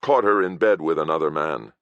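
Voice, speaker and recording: A man voicing a gruff, profane and irritable male healer who speaks bluntly and snarls when angry. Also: very deep voice, a little fast, fairly bright tone, dry recording, muffled recording. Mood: snarling angry.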